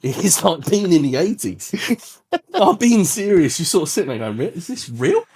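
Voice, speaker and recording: Animated storytelling man from London. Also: high-pitched, moderate pace, slightly rough. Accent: South London. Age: 30s. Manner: animated storyteller, acts out quotes, swears freely. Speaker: classic car garage owner. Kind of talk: casual podcast interview.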